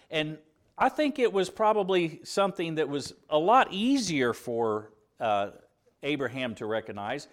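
Male preacher, southern Indiana roots, animated pitch, conversational sermon delivery. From southern Indiana, USA. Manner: earnest, conversational preaching with fillers and restarts.

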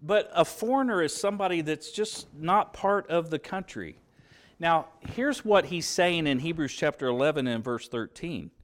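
Lively, higher-voiced preacher man. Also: normal speed. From southern Indiana, USA. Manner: earnest, conversational preaching with fillers and restarts. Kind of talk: sermon.

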